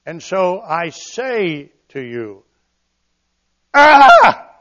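A man preaches in an earnest, conversational manner, pushing some points loud and dropping others to a murmur. His voice sits a little high for a man. The recording sounds dull and lo-fi. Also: expressive, a little slow. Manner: earnest, conversational, dramatic shifts in volume. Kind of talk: sermon.

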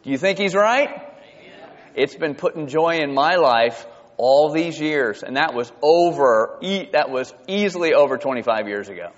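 A man preaches a sermon, telling stories with an animated, rising and falling delivery. His voice sits a little high for a man. The sound is dull and lo-fi, with a long reverb from the hall. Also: normal speed. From South Georgia, US. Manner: animated, storytelling with rises and drops in pitch. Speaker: pastor.

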